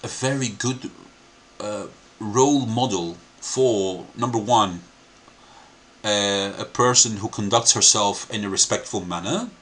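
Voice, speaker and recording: A man's voice: on the low side, unhurried, fairly bright tone. A man hosting a video reaction commentary, laughing often while he talks and mixing American and British accents. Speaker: channel host.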